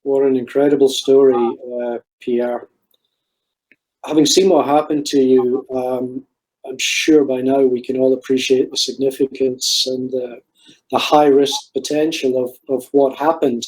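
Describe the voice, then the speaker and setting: A man's voice: medium pitch, little pitch movement, measured pace, darkish tone, poor audio. A man moderating at a conference, politely asking the speaker a question with a few fillers.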